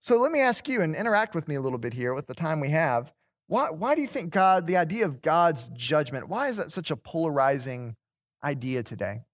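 A man's voice: on the high side, sing-song, a little fast. A man teaching a Bible class. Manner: conversational, repeats words, asks the class questions.

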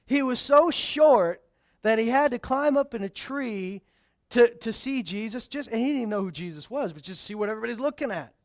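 A man's voice: very high-pitched, animated, a little fast. A male pastor preaching a sermon, telling stories casually and then building to emphatic, raised declarations.

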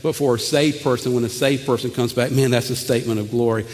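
A man, preaching a sermon in an animated way, stammering over repeated words and swinging from loud to hushed. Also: mid-range voice, fast, long reverb tail. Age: 40s. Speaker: pastor.

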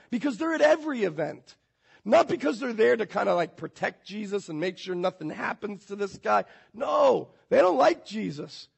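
A man delivers a sermon in a high, gravelly voice that is heavily raspy. He preaches emphatically, building at times to near shouts. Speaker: pastor.

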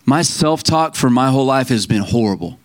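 A man's voice: medium pitch, animated, brisk. A man preaching a sermon in a conversational, storytelling way, quoting scripture and family members and laughing at himself now and then.

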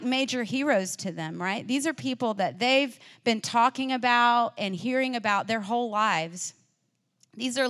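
A woman preaching a sermon in a casual, chatty storytelling way. She shifts between loud, emphatic declarations and quiet, offhand asides. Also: on the high side. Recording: long reverb, as in a large hall.

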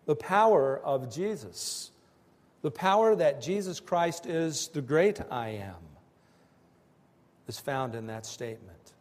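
A man preaching a sermon in slow, emphatic phrases that swell and drop with pauses between them. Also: fairly high pitch, expressive, a little mellow, in a large hall. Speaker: pastor.

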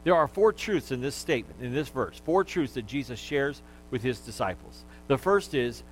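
A pastor teaching in a sermon. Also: male voice, medium pitch, sing-song, moderate pace, slight background noise, low-quality recording. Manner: teaching, gets listeners to repeat words, playful asides.

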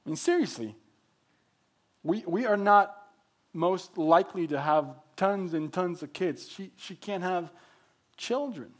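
A man with a notably high voice for his sex preaches a sermon, pressing each point hard and repeating key phrases for weight. He speaks as a pastor to his church. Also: animated, a little slow, pauses often. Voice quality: emphatic, builds points through repetition.

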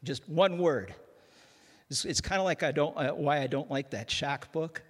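Speaking at a moderate pace in a fairly high voice, an older man from Canada gives a funny sermon as guest pastor, poking fun at himself and frequently starting his sentences over. A long reverb from the large church hall hangs on every word.

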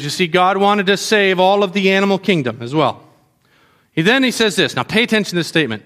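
Children's pastor: male, high bright voice, animated, questioning the kids. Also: fairly quick. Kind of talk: sermon to children.

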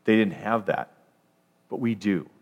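Man preaching an emphatic sermon, low voice. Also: animated, unhurried. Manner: emphatic, with restarts and rising declarations.

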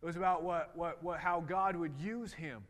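A man's voice: on the high side, fairly even intonation, normal speed, a bit bright. A man in his thirties preaching a sermon in a conversational way, with lots of restarts. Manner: conversational, with many fillers and restarts. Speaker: pastor. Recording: long reverb in a hall.

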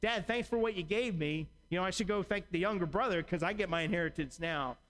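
A man's voice: high-pitched, fairly quick, fairly bright tone, in a large hall. A man voicing a resentful, dutiful older brother, a young man complaining indignantly to his father. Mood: sarcastic.

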